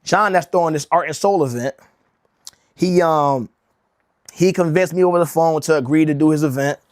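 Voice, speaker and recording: On his rug-making livestream, a young Connecticut man rambles through a slangy story at a normal speed. His voice is fairly high, he uses "bro" constantly, and he restarts sentences often, all captured in a dry, clean studio recording.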